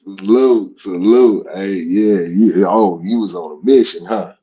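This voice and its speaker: A man co-hosting a podcast stream, relaxed, mostly short agreeing replies. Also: deep voice, a little slow, highs cut off. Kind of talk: casual livestream chat.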